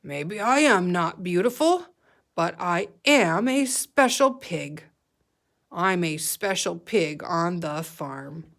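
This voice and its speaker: A gloomy storybook pig who thinks he's ugly, dragging out each word in a low, heavy voice, played by a woman. He sounds sorry for himself, but gently so, the way a picture book reads aloud. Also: lively intonation, takes it slowly, vocal fry, heavily acted. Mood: content. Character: sad self-doubting male pig.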